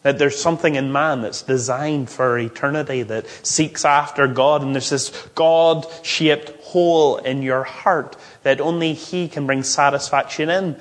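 A man's voice: a little high, steady tone, a little slow, few pauses. A man preaching a sermon, reading scripture aloud and explaining it with emphatic rises and frequent restarts. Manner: expository, with emphatic rising peaks and restarts.

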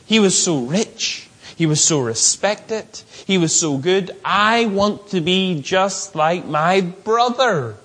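A man's voice: sits high, expressive, takes it slowly, few pauses, fairly bright tone, full character voice. A man voicing a brother who gushes with admiration at a rich man's funeral. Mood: gushing. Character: fawning brother praising a dead rich man.

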